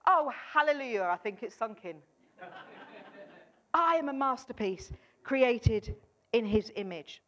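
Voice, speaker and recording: A woman preaching an energetic sermon at a church gathering, firing questions at the congregation and urging them to answer. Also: fairly high pitch, unhurried, long pauses. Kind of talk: lively interactive sermon. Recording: dull lo-fi sound.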